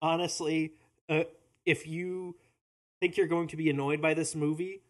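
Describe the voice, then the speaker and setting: A podcast co-host in casual chat, opinionated, with quick asides. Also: mid-range voice, flat delivery.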